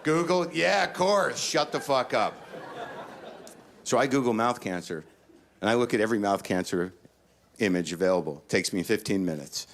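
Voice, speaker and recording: Middle-aged male stand-up comic, low-pitched, neurotic and profane, spikes into panicky quotes. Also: lively intonation, normal speed, vocal fry, long pauses, a faint crowd, slight background noise. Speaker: stand-up comedian. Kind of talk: stand-up storytelling.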